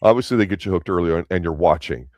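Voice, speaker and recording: Casting note: man with a very low voice, dry close sound, measured and opinionated reviewer. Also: darkish tone, no echo. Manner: measured and opinionated, breaks down scenes analytically. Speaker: podcast co-host. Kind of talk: casual review chat.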